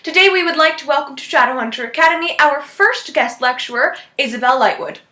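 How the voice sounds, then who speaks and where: A woman's voice: high voice, lively intonation, a little fast, bright, forceful tone, echoey room, slight background noise. A woman voicing a stern female academy dean, in a put-on Scottish accent and a formal announcing manner.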